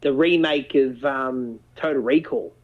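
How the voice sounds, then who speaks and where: A man hosting a casual chat and telling stories in an animated way, swearing freely. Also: medium pitch, measured pace. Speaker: podcast host. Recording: dull lo-fi audio.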